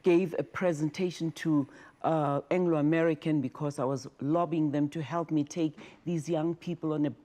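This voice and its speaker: An older woman from Africa, a former talk show host telling stories in an emotional, animated way as an interview guest. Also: deep voice, normal speed. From South Africa. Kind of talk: interview, personal storytelling.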